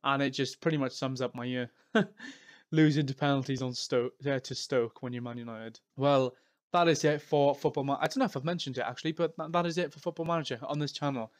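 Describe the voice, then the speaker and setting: Excitable man commentating a football game. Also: medium pitch, brisk. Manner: excitable, swings from shouting to gloomy muttering. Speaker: gaming YouTuber. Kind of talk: let's-play commentary.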